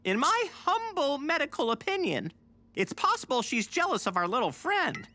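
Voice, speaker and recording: A woman's voice: high voice, sing-song, moderate pace, bright, forceful tone, full character voice. A woman voicing a nerdy cartoon crew medic with a fussy, know-it-all way of talking. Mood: smug.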